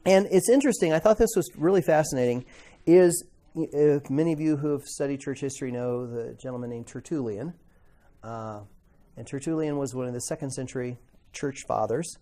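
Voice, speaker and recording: A man teaching a Bible class in a lively, conversational way. He puts rhetorical questions to the room and breaks into loud outbursts when he acts out a quote. His voice sits at an ordinary pitch for a man. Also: brisk.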